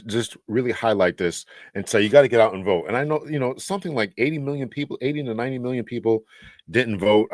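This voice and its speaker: A man's voice: on the low side, dry recording. A man hosting a commentary video, talking earnestly and urging viewers, with frequent restarts. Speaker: host. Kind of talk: casual commentary.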